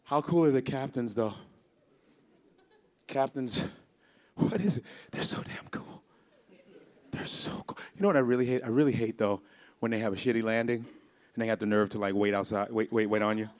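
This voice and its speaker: A man doing a stand-up comedy routine, loud and animated, talking profane street slang and breaking into screams and laughter. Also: medium pitch, fairly quick, long pauses.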